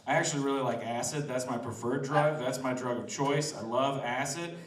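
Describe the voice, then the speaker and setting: A man's voice: medium pitch, brisk, echoey room, far from the mic. A man doing a loose, laughing stand-up set outdoors, teasing the crowd. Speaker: stand-up comedian. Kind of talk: open-mic stand-up set. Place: outdoors in front of a restaurant.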